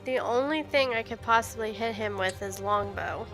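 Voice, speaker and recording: A woman's voice: fairly high pitch, normal speed, fairly bright tone, soft background music. A woman playing in a tabletop game, talking thoughtfully and with some hesitation about her character. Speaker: player. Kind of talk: casual tabletop game play.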